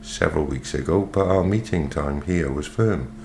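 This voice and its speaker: A man's voice: rumbling low, moderate pace, darkish tone, a little hiss or hum. A man reading the part of a polite, somewhat hesitant male professor.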